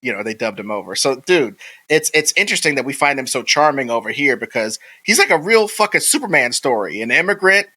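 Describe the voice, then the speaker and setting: A man's voice: medium pitch, very animated, fairly quick, bright, forceful tone, low-quality recording. A man co-hosting a podcast in casual, rambling chat, swearing freely and acting out movie quotes. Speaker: podcast co-host.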